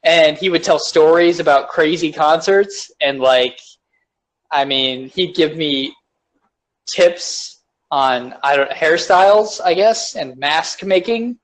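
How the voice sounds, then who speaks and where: A young man co-hosting a podcast in a rambling casual chat, full of fillers and loud laughs. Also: on the high side, slow, low-quality recording. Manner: rambling, laughs loudly, lots of "like". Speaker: podcast co-host.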